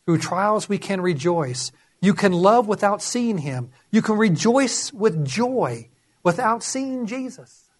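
High-voiced male preacher. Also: takes it slowly, breathy edge. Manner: animated, acts out voices. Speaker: pastor. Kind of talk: sermon.

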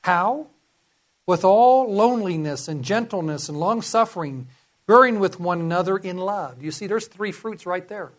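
A man's voice: sits high, expressive, moderate pace. A man preaching a sermon, reading scripture and earnestly urging his listeners.

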